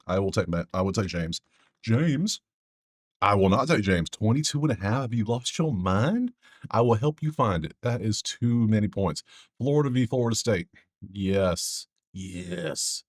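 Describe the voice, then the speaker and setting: A man's voice: lowish voice, animated, fairly quick, no echo, clean studio sound. A man hosting a casual sports betting breakdown, rambling with joking asides to his viewers.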